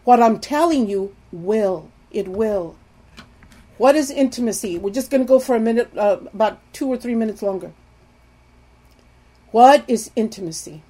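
A middle-aged woman giving an earnest talk on marriage and intimacy, pleading with her listeners, swinging from loud emphasis to soft hushed lines. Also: medium pitch, measured pace, long pauses. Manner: earnest, pleading, addresses viewers as "people". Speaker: Christian marriage teacher. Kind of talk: earnest teaching talk to viewers.

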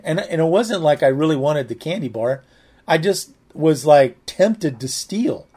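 A man's voice: a little high, normal speed, a little mellow. A man preaching a sermon, telling a personal story in a rambling, conversational way with many restarts, often saying "man" and "amen".

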